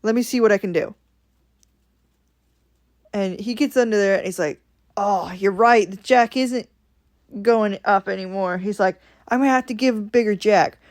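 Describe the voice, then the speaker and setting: A woman's voice: mid-range voice, normal speed, pauses often. A woman from Ohio casually telling a story from her week, animatedly acting out what people said. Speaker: vlogger.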